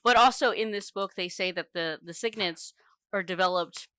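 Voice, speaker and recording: A woman co-hosting a casual book discussion, rambling and thinking aloud in relaxed slangy talk. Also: medium pitch, moderate pace, smooth, no room sound, clean studio sound. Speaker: book podcast co-host.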